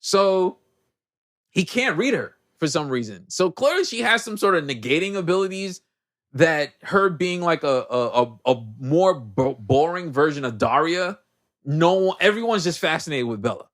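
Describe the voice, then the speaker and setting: A young man retells a movie plot for a podcast in a lively, animated way, slipping into little character voices. His pitch sits a touch high and swings widely as he talks. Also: normal speed. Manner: animated storytelling, acting out characters, laughing. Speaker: podcast host. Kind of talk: casual movie recap.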